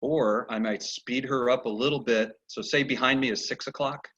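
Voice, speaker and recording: Guy coaching horse folks on a video call, animated, does little voices for horses, kinda husky. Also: mid-range voice, moderate pace. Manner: animated storyteller who acts out horses' replies. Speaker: horse training instructor. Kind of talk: teaching a virtual lesson. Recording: dull lo-fi video call audio.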